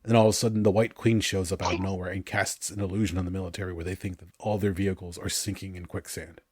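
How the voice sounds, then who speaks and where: A man with a fairly low voice talks casually on a podcast, telling lively stories and often laughing. The sound is dry and close, with no room echo. He is in his thirties. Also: fast talker, husky. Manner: animated storytelling, laughs often. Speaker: podcast co-host.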